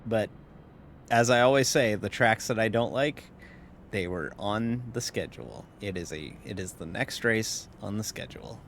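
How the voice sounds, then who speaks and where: Man, sim racing streamer, yawning and tired, wry rambling patter, lively melodic delivery. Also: lowish voice, moderate pace, a little hiss or hum. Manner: rambling and wry, with casual swearing. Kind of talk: casual live-stream commentary while racing.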